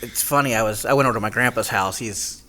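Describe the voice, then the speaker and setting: A man with a bright, forceful voice hosting a relaxed conversation. He throws in quick jokes and short asides. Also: medium pitch, a little hiss or hum. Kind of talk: casual chat.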